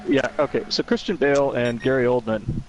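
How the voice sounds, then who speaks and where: A man playing a racing game alongside the host, chatting in a halting, easygoing way. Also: medium pitch, muffled recording, slight background noise. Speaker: co-player. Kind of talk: casual chat while playing a racing game.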